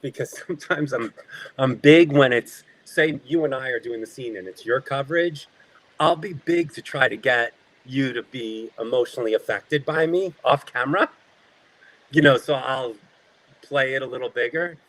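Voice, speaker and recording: A man, an actor as an interview guest, telling animated behind-the-scenes stories and acting out the people in them. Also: mid-range voice, moderate pace, no echo, poor audio. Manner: animated anecdotes, acting out quoted voices. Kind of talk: casual storytelling.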